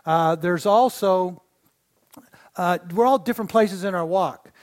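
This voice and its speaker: A man's voice: sits high, a little slow, a little mellow. A middle-aged man, an associate pastor, preaching a sermon in a church with folksy storytelling and call-and-response. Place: church sanctuary.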